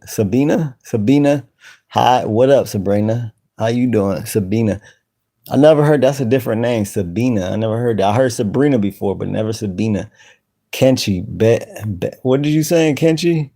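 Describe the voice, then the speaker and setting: A man hosting a casual live stream, greeting viewers by name in relaxed slang. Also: on the low side, moderate pace. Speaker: channel host.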